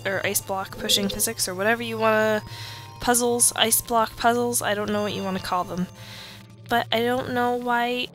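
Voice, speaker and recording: Young female let's-player, drowsy and halting, game music behind. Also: medium pitch. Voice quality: drowsy, halting with many fillers. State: sleepy, yawning. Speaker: let's play commentator. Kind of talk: casual gameplay commentary.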